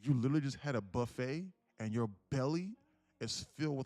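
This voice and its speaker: A man streaming live, casually teaching trading through an animated story, with many fillers and frequent laughter. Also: medium pitch, fairly quick, dry recording.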